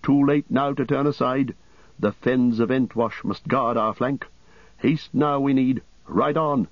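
A commanding warrior lord, as a male narrator puts him on, barking urgent orders in a raised, higher voice. The sound is slightly dull. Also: a little slow, dry recording, close to an everyday voice.

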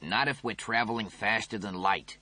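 Chatty know-it-all toaster, coy and teasing, husky edge; a man reads it. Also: fairly low pitch, normal speed, pushed and bright, no echo. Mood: lecturing. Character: smug chatty male talking toaster.

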